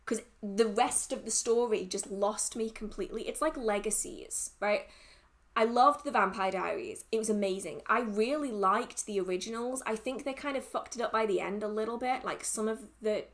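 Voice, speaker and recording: A woman's voice: medium pitch, normal speed. A young woman hosting a livestream, chatting casually and rambling through viewer questions with restarts and laughter. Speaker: livestream host.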